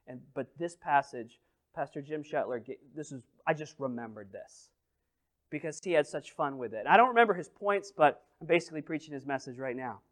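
A man preaching a sermon, telling a story in an animated way, dropping to near quiet and then rising loud as he acts out the scenes. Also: on the high side, a little fast. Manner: animated storytelling with big swings in volume; acts out scenes and quotes with playful voices. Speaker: pastor.

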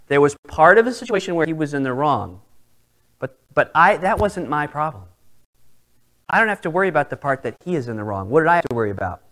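A man's voice: a little high, low-quality recording. A male pastor preaching a sermon, telling a personal story with acted-out dialogue. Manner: animated storytelling, acts out quoted dialogue.

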